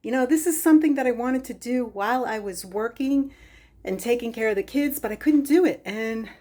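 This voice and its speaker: A woman's voice: fairly high pitch, fairly quick, a little mellow. A retired woman giving a chatty, meandering craft room tour, out of breath, filmed on a handheld phone. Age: older. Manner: chatty, meandering, with many ums. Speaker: craft vlogger. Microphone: phone held in hand.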